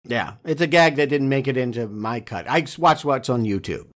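A man in a casual film podcast chat talks at a middling pitch. He breaks down plot and gags in a measured, analytical way. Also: fairly bright tone. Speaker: podcast co-host.

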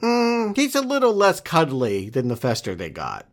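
A man co-hosting a casual film podcast, talking through a movie in an analytical, measured way. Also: on the high side, huge pitch swings. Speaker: podcast co-host.

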